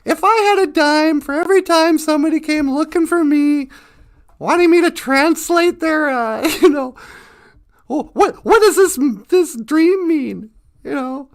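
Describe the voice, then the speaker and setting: Talky old eagle guy, pokes fun at himself, kinda high voice, woman puts him on. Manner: rambling, self-mocking. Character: chatty wise old male eagle.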